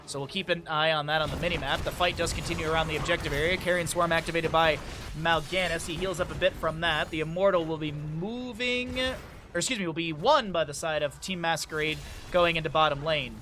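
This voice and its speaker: Bright, high-voiced excitable male caster. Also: brisk, a little hiss or hum. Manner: excitable, rises sharply on big plays; chatty, jokes with viewers between plays. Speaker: esports caster. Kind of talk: solo play-by-play commentary with chat asides.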